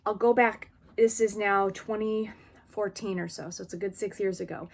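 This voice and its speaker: Talking to camera, a woman vlogger frankly and expressively shares her own lived experience in a casual, personal style. Her voice sits at medium pitch with a steady tone and normal speed.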